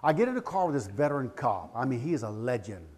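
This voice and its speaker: A man, giving a live training talk as a law enforcement trainer, animated and joking, calling out questions to the crowd. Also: mid-range voice, quick pace. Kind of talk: live seminar talk to an audience. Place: room with a live audience.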